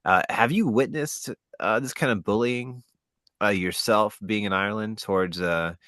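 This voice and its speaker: A man hosting a podcast, asking a guest questions in a measured way with hesitant fillers. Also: lowish voice, sharp tone, no echo. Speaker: podcast host. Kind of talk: casual podcast chat.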